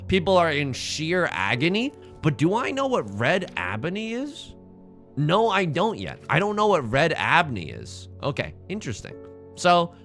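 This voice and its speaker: Male streamer, jokey game commentary, slightly high lively voice, faint music behind. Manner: jokey, reads game text aloud with silly voices.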